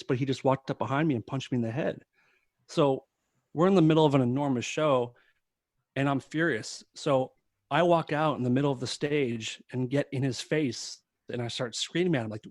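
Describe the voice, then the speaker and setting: A man's voice: medium pitch, no echo. Man telling a story with a dry sound. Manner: animated storyteller, laughs often. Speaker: podcast guest, former tour crew member. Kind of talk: casual storytelling interview.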